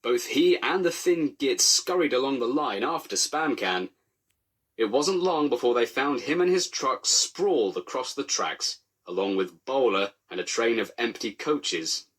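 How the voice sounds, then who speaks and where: A man giving dry, deadpan comic storybook narration. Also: medium pitch, unhurried, husky.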